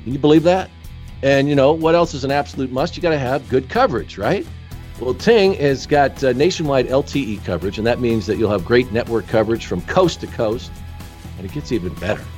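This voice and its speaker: A man's voice: mid-range voice, expressive, a little mellow. Folksy male host with faint music behind. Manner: folksy, salesman-like, asks quick questions. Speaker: podcast host. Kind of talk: interview and live-read ad.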